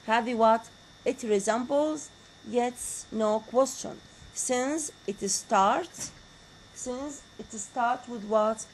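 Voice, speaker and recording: A woman with an Iraqi Arabic accent delivers a university lecture. She speaks slowly and deliberately in a slightly high voice, often asking the class questions and repeating key words. Faint noise sits behind her. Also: rough recording. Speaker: teacher.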